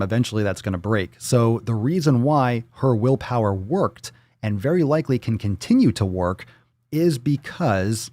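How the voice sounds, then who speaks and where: A man hosting a fitness livestream. He talks casually, reacting to viewer posts with loud jokes, swearing and pep-talk coaching. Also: fairly low pitch, dry recording. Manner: loud, profane, joking, coaching.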